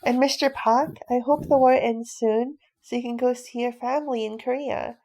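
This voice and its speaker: A woman's voice: on the high side, moderate pace. A woman reading a storybook aloud, voicing a cheerful, hot-headed young boy who talks eagerly. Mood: apologetic. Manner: eager and excitable.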